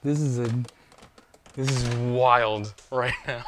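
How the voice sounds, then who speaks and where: A man streaming a pinball game, chatting casually and excitedly, often laughing in disbelief and swearing now and then. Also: medium pitch, a little hiss or hum. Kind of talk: live-stream reaction chat.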